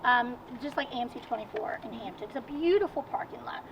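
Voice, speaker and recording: A woman with a Virginian accent, a guest in a casual outdoor interview, telling stories in an animated, chatty way. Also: a little high, quick pace. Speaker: guest, amateur racer. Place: outdoors at a car show. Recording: distant mic, dull sound, faint noise.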